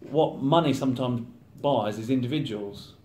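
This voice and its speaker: Chatty footballer in a roomy space. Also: male voice, mid-range voice, normal speed, warm tone, a little hiss or hum. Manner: chatty, acts out teammates' banter. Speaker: professional footballer. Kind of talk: casual interview chat. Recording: roomy echo.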